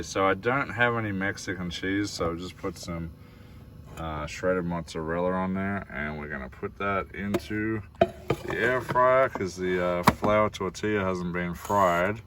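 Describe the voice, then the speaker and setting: Deep-voiced Australian man, chatty vlogger. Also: slight background noise. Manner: chatty, rambling, many fillers, addresses viewers as guys. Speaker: van-life vlogger. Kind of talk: casual cooking vlog. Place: inside a camper van.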